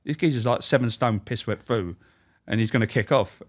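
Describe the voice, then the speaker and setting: A former prison officer telling stories in a blunt, sweary, rambling way in a casual interview. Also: male voice, on the low side, fairly even intonation, moderate pace.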